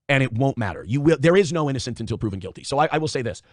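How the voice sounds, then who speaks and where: A man's voice: medium pitch, sing-song, rapid-fire, hardly any pauses, no room sound, clean studio sound. A man in a casual livestream monologue, blunt and profane, often circling back to the same points. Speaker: streamer.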